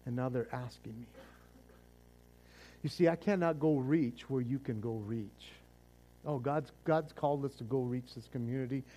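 A man's voice: mid-range voice, moderate pace, mellow. A man preaching a sermon as pastor, fervent and casual, often repeating words as he restarts.

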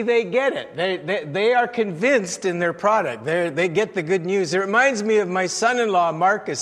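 A pastor preaches a sermon, telling stories with many fillers and restarts. His voice is fairly high with a fairly bright tone, and the long reverb of a large hall surrounds it.

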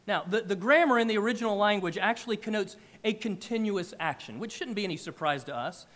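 A man preaching a sermon in church, emphatic and animated, with big swings in loudness. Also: high-pitched, fast talker. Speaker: pastor.

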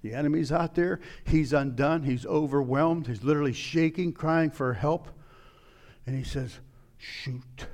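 A man preaching a sermon, retelling a scripture story and acting out its scenes with sudden loud outbursts. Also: a little high, moderate pace. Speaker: pastor.

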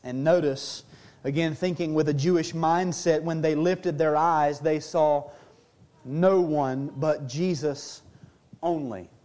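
High-voiced man preaching a sermon. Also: fairly even intonation, a little mellow. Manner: earnest preaching, slows and drops low for emphasis. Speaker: pastor.

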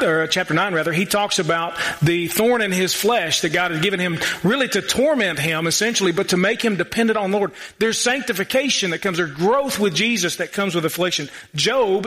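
Pastor guy preaching in a small church, higher voice, bright, keeps asking the crowd questions. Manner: rhetorical questions to the congregation, conversational asides. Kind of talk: sermon.

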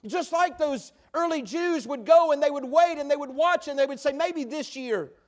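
High-voiced preacher. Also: male voice, moderate pace. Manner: animated storytelling preacher, folksy. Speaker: pastor. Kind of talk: sermon.

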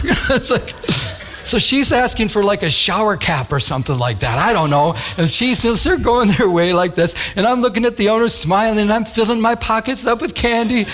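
A man preaching a sermon, telling a lively childhood story with acted-out voices before turning to scripture in emphatic, repeated phrases. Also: high-pitched. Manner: animated storytelling, acts out voices.

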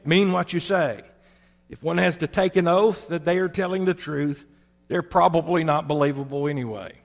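Man preaching with measured emphasis. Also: fairly high pitch, long reverb tail. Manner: measured, emphatic preaching with slow stressed phrases. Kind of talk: sermon.

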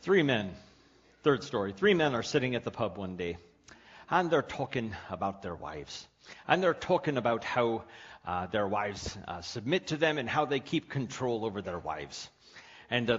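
Male pastor, husky mid voice, storytelling preacher, dull lo-fi recording. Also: on the low side, big pitch swings, moderate pace. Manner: storytelling, wry punchlines, dynamic shifts. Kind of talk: sermon with joke stories. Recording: dull lo-fi sermon audio.

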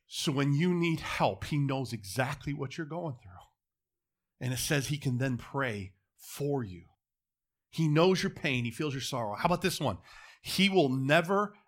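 Middle-aged male preacher, animated sermon delivery, fairly high and lively pitch. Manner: animated, swinging between quiet asides and loud emphatic peaks.

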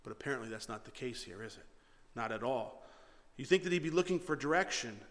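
A man preaching a sermon, telling a story with animated energy and many rhetorical questions. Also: medium pitch, fast talker, in a large hall. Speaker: pastor.

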